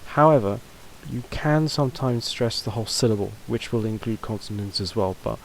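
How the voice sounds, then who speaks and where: A man's voice: on the low side, brisk, vocal fry, slight background noise, low-quality recording. A man teaching a casual video lesson, talking loosely with fillers and restarts. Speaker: language teacher.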